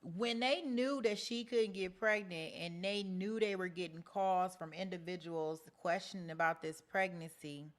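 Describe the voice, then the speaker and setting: A woman's voice: lowish voice, fairly even intonation, normal speed, hardly any pauses. A woman hosting a true-crime commentary show, talking casually with lots of restarts. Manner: casual, chatty, many restarts. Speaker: host.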